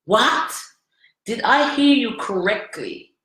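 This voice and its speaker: Woman vlogger, bright, forceful delivery, recorded in a very echoey room; candid, emphatic storytelling. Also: mid-range voice, expressive, normal speed. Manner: emphatic, repeats phrases, asks the listener questions.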